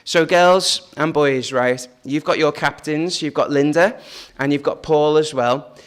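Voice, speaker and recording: A man's voice: fairly high pitch, unhurried, smooth. A man leading a family church service, talking in a chatty, joking way and asking the children questions. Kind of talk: informal family service talk.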